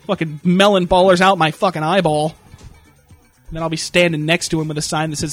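A young man with a high voice tells crude comic stories, swearing freely and jumping into over-the-top impressions. Faint music sits underneath. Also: normal speed, long pauses, a bit bright. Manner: profane, jokey, slips into exaggerated impressions. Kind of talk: crude comedic storytelling chat.

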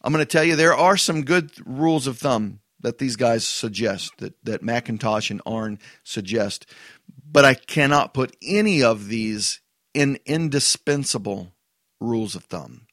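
A man, a pastor, talking through a book review in a casual, halting way, often repeating words and adding emphatic asides. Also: mid-range voice, lively intonation, fairly bright tone, no room sound, clean studio sound.

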